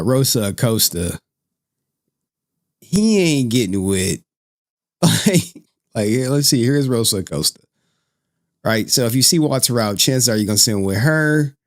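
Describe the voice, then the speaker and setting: A man's voice: medium pitch, no echo, clean studio sound. A man hosting a clip channel, giving rambling, slangy commentary over an interview. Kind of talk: casual commentary.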